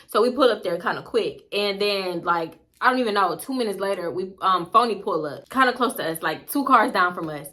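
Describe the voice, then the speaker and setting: A woman casually telling a personal story to her viewers, candid and animated, with frequent asides. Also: mid-range voice, brisk, few pauses. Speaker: storytime vlogger.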